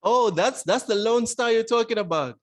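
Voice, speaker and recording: A man's voice: very high voice, moderate pace. A man co-hosting a casual gaming podcast, protesting his friend's teasing in exasperated, laughing banter. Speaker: podcast co-host.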